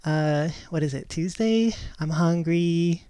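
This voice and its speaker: A woman's voice: lowish voice, slow pace, mellow, a little hiss or hum. A woman chatting casually on her live stream, rambling and giggling, often restarting her sentences.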